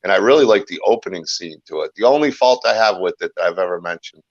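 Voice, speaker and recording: A man's voice: low-pitched, expressive, quick pace, no room sound. A man talking as a guest in a casual chat, rambling and talkative, often restarting his sentences. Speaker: guest, filmmaker and YouTuber. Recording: dull lo-fi sound.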